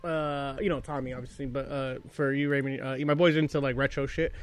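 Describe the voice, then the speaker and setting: A man's voice: mid-range voice, level tone, a crowd in the background. A man hosting a casual podcast chat, loose and profane, telling stories with lots of fillers. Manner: loose, profane, fast storytelling.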